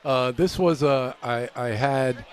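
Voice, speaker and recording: A middle-aged man, a former pro basketball player, telling long anecdotes as a guest on a live radio show, relaxed and acting out the voices of people in his stories. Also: medium pitch, slow pace. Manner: relaxed anecdotal storyteller, acts out quoted voices. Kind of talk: storytelling in a live radio chat.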